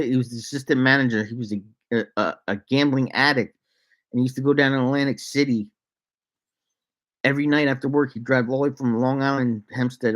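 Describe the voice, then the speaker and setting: A man vlogging a casual story to camera, laid-back and rambling, laughing often and slipping into made-up sing-song bits. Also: medium pitch.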